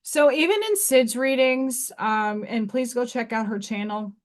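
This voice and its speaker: A woman's voice: a little high, unhurried. A woman with a Staten Island accent hosting a casual live stream, talking frankly, swearing casually and often restarting her sentences. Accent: Staten Island, New York. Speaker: live stream host and oracle card reader.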